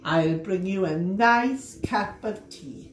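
A woman reading aloud, voicing a kindly, cheerful mother bear in a bright sing-song tone. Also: medium pitch, animated, takes it slowly. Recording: roomy echo.

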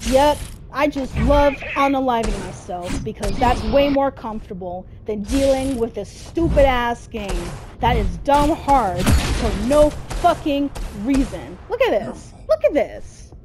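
A woman's voice: a little high, lively intonation, measured pace, hardly any pauses, noisy background. A woman giving frustrated gameplay commentary, cursing at the game nonstop. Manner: constant angry cursing at the game. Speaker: gamer.

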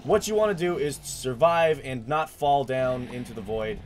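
A man hosting a casual multiplayer game session with friends, excitable and prone to yelps. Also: mid-range voice, normal speed, a crowd in the background. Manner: excitable, breaks into shrieks and yelps. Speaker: gaming channel host.

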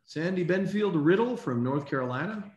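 A man hosting a casual online call, reading out names in an upbeat, brisk way. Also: high-pitched, animated, darkish tone, echoey room. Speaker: host.

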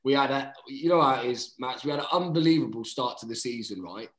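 A man's voice: medium pitch, fast talker. Chatty man in a roomy room. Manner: chatty, says "mate" often, lively retelling. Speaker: guest rugby player. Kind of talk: casual storytelling chat.

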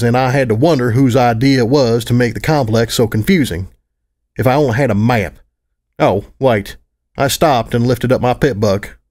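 A man's voice: medium pitch, a little mellow. A man narrating a fan fiction audiobook in first person, with a wry, dry delivery.

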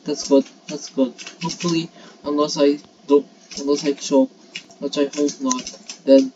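A woman narrating her own gameplay in an excitable, frantic way, piling up repeated pleas and urgings. Her voice sits low and her pace is unhurried. The recording is dull and lo-fi, with clear noise underneath. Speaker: gaming channel host. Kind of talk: live gameplay commentary.

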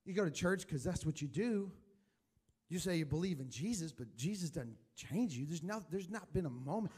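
A man preaching a sermon in church, telling his personal testimony, rising loud for emphasis and dropping to a hushed voice when emotional. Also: on the high side, animated, moderate pace, breathy edge. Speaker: pastor.

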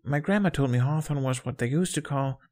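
A man voicing a young boy, eager and impatient, full of excited questions in a fan fiction reading. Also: mid-range voice, brisk, voice pushed up, lightly acted.

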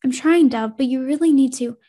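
A woman's voice: high voice, a little fast, warm tone. A woman voicing an anxious, devoted teenage boy who talks earnestly and reassuringly in a horror story reading.

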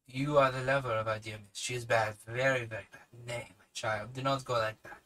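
A man's voice: mid-range voice, steady tone, fairly quick, a bit bright, close to an everyday voice, poor audio. A man reading as a grave elderly professor. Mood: grave, kindly. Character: grave elderly male professor, commanding and kindly.

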